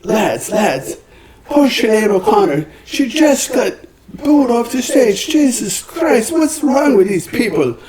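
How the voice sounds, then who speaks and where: A man doing the voice of an excited older male folk singer, pitched high and emphatic. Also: slow, a loud crowd, full character voice. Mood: indignant. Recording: roomy echo.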